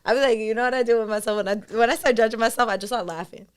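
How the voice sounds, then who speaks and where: A woman's voice: on the high side, very fast, smooth. Candid, profane woman in casual chat. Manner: candid, profane, animated self-talk. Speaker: podcast guest.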